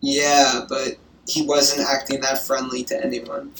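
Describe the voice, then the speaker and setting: A woman's voice: rumbling low, little pitch movement, measured pace, vocal fry, noisy background. Young woman gossiping with lots of swearing. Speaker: grandchild on the phone. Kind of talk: casual phone chat. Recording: roomy echo, distant from the mic.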